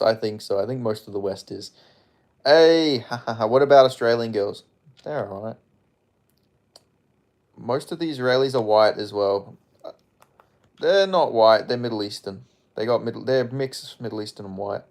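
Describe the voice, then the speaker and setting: Reading comments out and riffing on them, a streamer chats in a loose, meandering, offhand manner peppered with swearing. His ordinary mid-pitched voice moves at a measured pace with long pauses.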